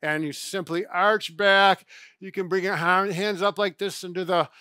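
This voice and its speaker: A middle-aged man talks through stretches in a loose, chatty way, circling back and correcting himself as he goes. His voice is bright and forceful, sitting a little high, and the recording is dry with no room echo. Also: steady tone, moderate pace, clear, resonant tone. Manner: chatty, self-correcting, demonstrates exercises. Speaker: physical therapist co-host. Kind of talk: casual instructional chat.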